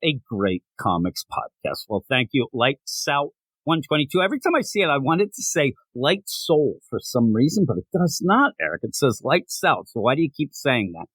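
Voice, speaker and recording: A man's voice: mid-range voice, very animated, normal speed, fairly bright tone, slightly rough, no room sound. A man co-hosting a podcast in casual chat, playful and self-mocking, hyped up and rambling as he jokes with his co-host.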